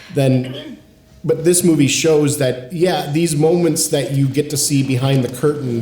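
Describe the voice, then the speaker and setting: A man's voice: mid-range voice, warm tone, roomy sound. A man in his forties, co-hosting a casual podcast, talking earnestly and reflectively with casual swearing. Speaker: podcast co-host. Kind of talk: casual chat.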